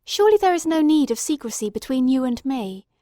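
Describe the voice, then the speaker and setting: A woman's voice: sits high, big pitch swings, brisk, mellow, dry recording, clean studio sound, voice pushed up. A woman reading the lines of an earnest, anxious male companion in an audiobook. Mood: alarmed. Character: loyal male doctor companion, shaken.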